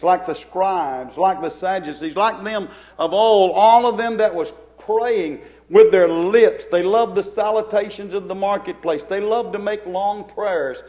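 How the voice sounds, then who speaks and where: A man's voice: high-pitched, unhurried, hardly any pauses, a little mellow. A man preaching a sermon with fervent delivery, acting out cried prayers and using King James phrasing. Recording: dull lo-fi recording.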